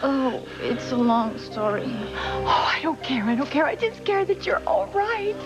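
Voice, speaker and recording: A woman's voice: sits high, very animated, a little slow, exaggerated voice, low-quality recording. An actress playing a middle-aged mother who gushes with fervent relief, over music. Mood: relieved. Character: emotional mother overjoyed at a reunion.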